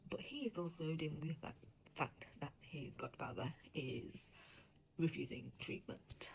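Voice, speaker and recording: A lower-voiced woman chatting casually as a book editor, animated and profane. She drops into breathy whispers when she gets worked up. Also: measured pace, slight background noise, rough recording.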